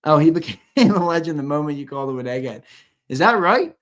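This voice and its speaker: Young dude on a live stream reading chat, kinda high voice, loose and swearing, repeats himself. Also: male voice, expressive, brisk. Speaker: co-host of a fan show.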